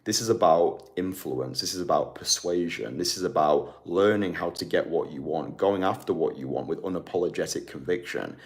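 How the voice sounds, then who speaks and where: Deep-voiced man coaching emphatically. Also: normal speed, few pauses. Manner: emphatic, repeats key phrases. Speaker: dating coach. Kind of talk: motivational talk to camera. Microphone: phone or camera mic.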